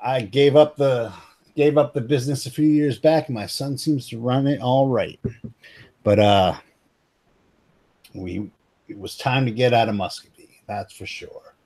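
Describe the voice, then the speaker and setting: A man's voice: medium pitch, a little slow, pauses often, mellow. A man voicing a chatty old male barfly with a put-on American rural drawl. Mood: folksy.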